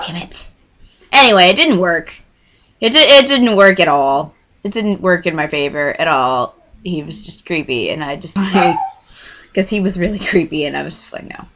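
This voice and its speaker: A woman's voice: fairly low pitch, moderate pace. A woman in her twenties casually telling a story, acting out what people said. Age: 20s. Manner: animated, acts out dialogue with quoted voices. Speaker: vlogger.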